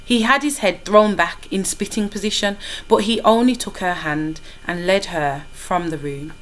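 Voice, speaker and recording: A woman teacher reading a children's novel aloud to her class in a lively, expressive way. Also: medium pitch, normal speed.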